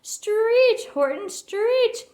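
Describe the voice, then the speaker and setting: A woman's voice: fairly high pitch, expressive, a little slow. A woman voicing a bossy, scheming little male bug in a storybook reading, mocking and laughing, in a roomy echo. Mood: yelling.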